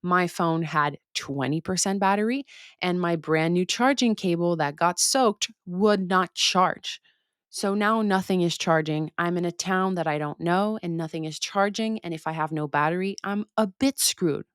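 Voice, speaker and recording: A young woman hosting a podcast, telling a story in a casual, animated way, swearing freely and acting out her own reactions. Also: on the low side, moderate pace, clean tone, dry recording, studio quality. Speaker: podcast host.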